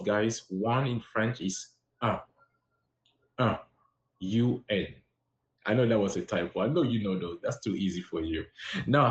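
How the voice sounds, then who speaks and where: A man teaching a live-streamed French lesson, patiently encouraging his viewers and repeating words slowly. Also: fairly low pitch, reverberant, muffled recording. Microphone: live-stream app.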